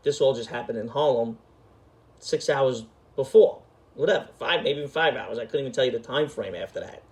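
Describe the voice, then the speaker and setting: A man's voice: medium pitch, a little fast, darkish tone. A middle-aged man, telling a story in an emphatic, profane, street-talking way. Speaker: storyteller host. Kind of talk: casual storytelling.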